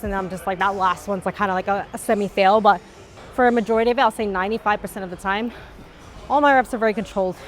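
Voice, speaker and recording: A woman fitness vlogger explains her training in a loose, chatty way, slightly out of breath and dropping plenty of "like" fillers. Faint music plays behind her. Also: mid-range voice. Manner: talkative, with many "like" fillers. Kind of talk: casual workout instruction. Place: gym.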